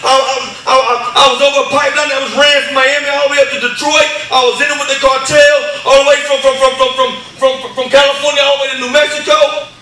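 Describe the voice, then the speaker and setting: A man giving an impassioned church testimony, stammering through repeated words and building up to shouts. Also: very high voice, little pitch movement, fast talker, few pauses, very echoey, far from the mic, poor audio. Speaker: testimony speaker. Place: church hall.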